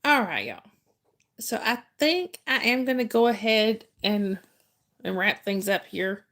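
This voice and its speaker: A livestream host with a medium, slightly bright voice takes her time, her pitch swinging widely as she tells a story. She banters casually with viewers, laughing frequently and restarting sentences.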